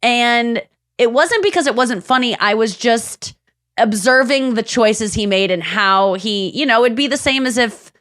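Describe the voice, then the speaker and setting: A woman hosting a podcast in a casual chat, animated, slipping into exaggerated voices for quotes and laughing as she talks. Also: on the high side, a little slow, dry recording, studio quality. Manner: frequent restarts and laughter while talking. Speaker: podcast host.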